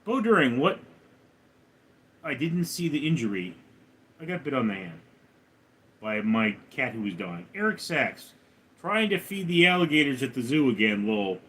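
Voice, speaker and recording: A man live streaming, reading viewers' names and questions aloud and answering them in a lower, quieter tone. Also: very animated, normal speed, pauses often. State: recovering from a hospital stay. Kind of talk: casual live stream chat.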